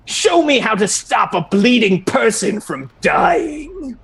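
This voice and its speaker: A man's voice: extremely high pitch, very animated, slow pace, gravelly, a bit bright, slight background noise, voice pushed up, full character voice. A man voicing a haughty female spirit who flies and possesses people, issuing imperious demands.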